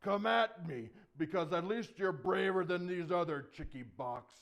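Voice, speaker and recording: A man's voice: high voice, measured pace, pitched above the performer's own voice. A man voicing a huge boastful giant warrior who mocks and bellows at his enemies. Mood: scornful. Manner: loud taunting bellow, clucking at foes.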